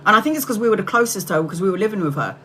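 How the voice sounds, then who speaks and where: A middle-aged woman hosts a tarot livestream, talking straight to her viewers. She tells her story in a chatty, candid way and swears casually. Her voice sits at an average pitch, with a faint noise behind it. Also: expressive, racing, sharp tone, rough recording. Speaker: tarot reader livestream host.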